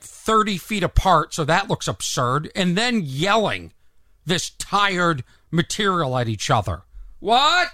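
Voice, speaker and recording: A male comedian ranting at the camera in an exasperated, animated way, stumbling over his words and restarting sentences. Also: high voice, no room sound, clean studio sound. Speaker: stand-up comedian hosting a rant segment.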